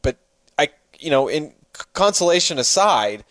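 A man's voice: a little high, big pitch swings, normal speed, fairly bright tone, no echo. A man co-hosting a casual chat, teasing his partner and often hesitating mid-sentence. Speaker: co-host.

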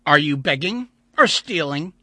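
A man's voice: fairly high pitch, lively intonation, unhurried, bright, forceful tone, no echo, voice pushed up, full character voice. A man voicing an austere, cynical blind older male mathematician who speaks in a wry, theatrical way.

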